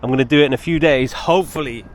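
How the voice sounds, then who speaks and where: Racing along in a mid-range voice, a man films his walking travel vlog outdoors on city streets. He's a chatty, enthusiastic vlogger who often exclaims at what he sees.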